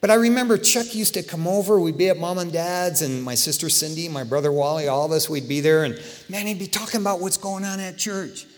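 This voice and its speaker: Middle-aged pastor guy preaching, fairly high voice, gets loud then real quiet, long echo in the hall. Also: fairly quick, hardly any pauses. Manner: impassioned, conversational, swings between loud and hushed. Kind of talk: sermon.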